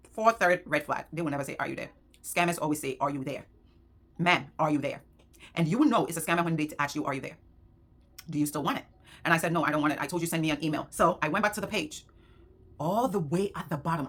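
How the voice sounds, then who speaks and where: Low-pitched woman vendor, casual vlog storytelling, emotional and animated, voices the other people in the story. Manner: emotional, animated retelling with quoted dialogue. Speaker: small business owner and market vendor.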